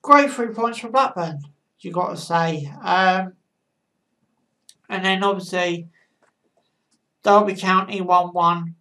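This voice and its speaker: A woman casually giving football match predictions, with a halting delivery and frequent pauses. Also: lowish voice, bright, forceful tone. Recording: voice a bit far from the mic.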